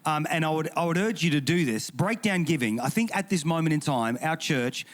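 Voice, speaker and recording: Emphatic English pastor. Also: male voice, a little high, animated, fairly quick. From England. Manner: humorous, emphatic and indignant, with repeated restarts. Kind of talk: panel discussion talk.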